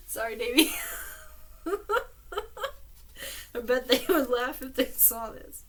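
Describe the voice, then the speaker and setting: A woman's voice: sits high, very animated, very slow, pauses often. A woman reading letters aloud with commentary, laughing often between lines. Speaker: reader and commentator.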